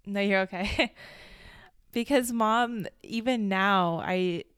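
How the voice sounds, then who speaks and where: Young woman reflecting softly on family. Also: mid-range voice, takes it slowly, clean tone, no echo, clean studio sound. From Chicago suburbs. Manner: reflective, hesitant restarts. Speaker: podcast co-host. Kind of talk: casual reflective chat.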